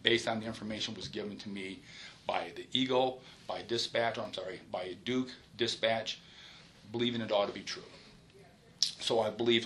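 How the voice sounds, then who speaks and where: A man, a police supervisor, recounts a shooting in detail during a formal interview, in halting runs with restarts and a polite "yes, sir.". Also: lowish voice, fairly even intonation, a bit bright, a little hiss or hum. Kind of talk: recorded investigative interview.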